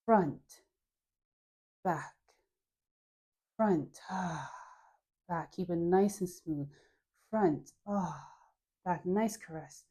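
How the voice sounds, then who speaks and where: A woman with a Caribbean accent leading a guided dance class, relaxed and playful, counting moves and sighing through deep breaths. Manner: playful, laughs at her own jokes. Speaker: dance instructor.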